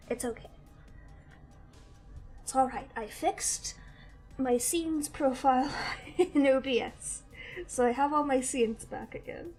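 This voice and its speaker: Over soft background music, a woman speaks slowly in a high, somewhat dark voice, pausing often. As host of a casual drawing livestream, she chats away and stops now and then to firmly tell a kitten no.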